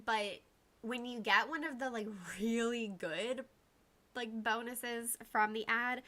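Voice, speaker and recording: A woman's voice: a little high, steady tone, a little slow, pushed and bright. A woman hosting a casual livestream, rambling chattily and greeting viewers by name. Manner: uses y'all and like often. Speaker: livestream host.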